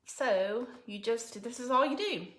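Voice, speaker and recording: A woman's voice: fairly high pitch, expressive, measured pace, fairly bright tone. A middle-aged woman hosts a casual crafting livestream, chatting with viewers by name and growing teary at times. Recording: echoey room with faint background noise.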